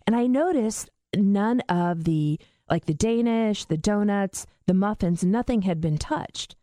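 A woman tells a family story in a relaxed chat, swinging her pitch up high whenever she quotes someone. The sound is close and dry, with no room around it. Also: unhurried, no room sound. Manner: animated, acts out quotes with big pitch jumps.

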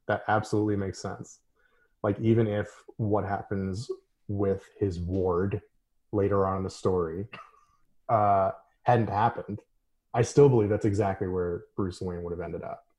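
A man co-hosting a podcast in casual chat, animated and laughing often, full of fillers. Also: lowish voice, a little slow. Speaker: podcast co-host.

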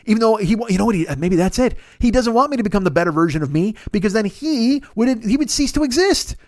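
A man's voice: sits high, lively intonation, quick pace, dry recording. A man hosting a podcast, rambling through a profane, self-deprecating comedic monologue in a studio. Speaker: podcast host.

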